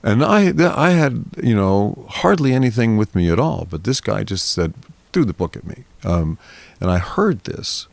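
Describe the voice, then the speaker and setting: A deep-voiced man in his seventies spins a long, rambling story in an interview, acting out the people in it. His voice is gravelly, and it sits close to a dry mic. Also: sing-song, normal speed, dry recording. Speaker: interview guest. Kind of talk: storytelling in a conversation.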